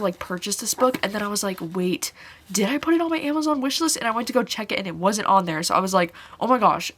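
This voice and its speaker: A young woman chats loosely to camera about her reading, with constant "like" and "you know" fillers. Her voice sits at an ordinary middle pitch, and she sounds casual and unscripted. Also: a bit bright. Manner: rambling, full of "like" and "you know"; emotional and teary in late-night clips. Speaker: book vlogger. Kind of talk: casual reading vlog chat.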